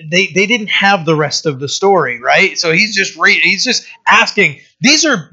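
A man's voice: high-pitched, sharp tone, lo-fi sound. A man preaching a sermon as pastor, earnest and plain-spoken, often restarting with fillers.

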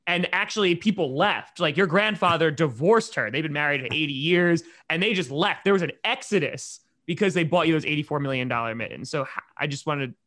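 A man hosting a casual sports talk show who keeps chiming in with quick agreement and joking riffs. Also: fairly high pitch, pushed and bright. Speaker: podcast host.

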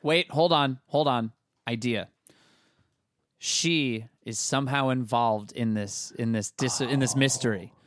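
A man co-hosting a podcast in casual chat, rambling and joking, quick to laugh. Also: mid-range voice. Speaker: podcast co-host.

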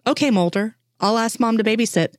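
A woman reading the lines of a calm female agent and mother who speaks softly but firmly. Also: a little high, brisk, dry recording, clean studio sound, voice pushed up, natural voice. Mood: gentle. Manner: soft but firm.

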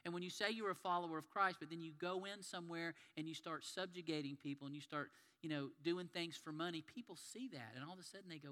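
A male preacher delivers a sermon in an earnest, conversational storytelling manner. His voice sits fairly high and has a very bright, sharp tone. It rings out with a long hall reverb. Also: fast, hardly any pauses.

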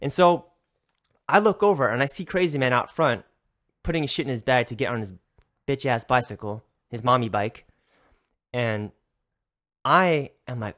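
Swearing, animated young man telling a story. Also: mid-range voice, moderate pace, long pauses. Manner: animated, swears a lot, acts out quotes. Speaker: podcast host. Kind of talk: casual storytelling.

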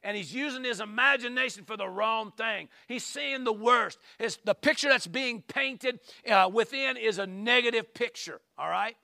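A man's voice: extremely high pitch, moderate pace, vocal fry, few pauses, pushed and bright, dry recording. A man preaching a sermon, reading psalms aloud and breaking in with emphatic asides and calls of amen and hallelujah. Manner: reads scripture aloud with frequent asides.

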